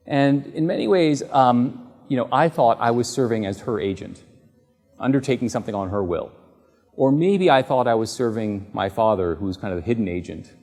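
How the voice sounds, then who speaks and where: A man's voice: mid-range voice, darkish tone, in a large hall. A middle-aged man giving a public lecture, telling personal stories in a conversational way and acting out bits of dialogue, with frequent fillers. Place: large lecture hall.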